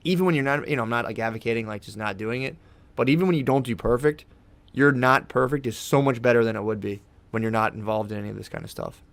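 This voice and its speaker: Speaking quickly at medium pitch, a man guesting on a podcast rambles through a relaxed, casual conversation. He curses frequently and keeps addressing the host as "dude," recorded on a studio podcast mic with no echo.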